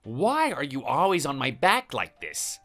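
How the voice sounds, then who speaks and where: A man's voice: medium pitch, huge pitch swings, unhurried, pushed and bright, faint music behind, exaggerated voice. A synthetic male voice doing a threatening husband. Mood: scornful. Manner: defensive and contemptuous. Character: hot-tempered, threatening adult husband. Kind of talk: text-message story voice-over.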